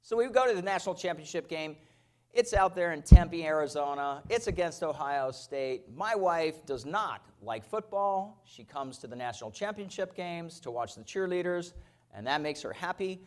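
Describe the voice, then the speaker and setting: A man in his fifties giving an energetic motivational keynote as a company founder, telling stories and often checking in with his audience. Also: a little high, moderate pace. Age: 50s. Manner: energetic, storytelling, keeps checking in with "okay?". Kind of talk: motivational conference talk. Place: conference stage.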